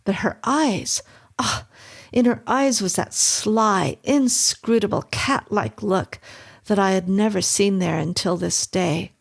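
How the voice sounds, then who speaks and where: A woman narrating a horror story in a measured, suspenseful reading. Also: mid-range voice, vocal fry.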